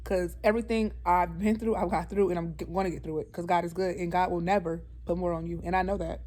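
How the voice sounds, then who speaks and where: A vlogger with a fairly low, darkish voice talks fast in a steady tone, sharing a personal story to camera. Earnest and talkative, she often calls viewers "y'all" and slips into preaching with emphatic repetition.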